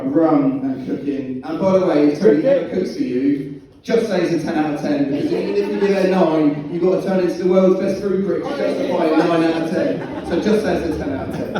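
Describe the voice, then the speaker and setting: A young man giving his wedding speech as the groom, joking and chuckling through his lines. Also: on the high side. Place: wedding reception hall. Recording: echoey hall, distant mic, noisy.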